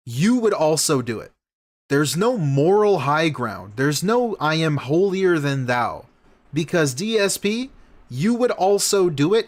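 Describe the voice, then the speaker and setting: Male reaction streamer, angry profane rants, very lively pitch. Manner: angry, swearing, mocking rants.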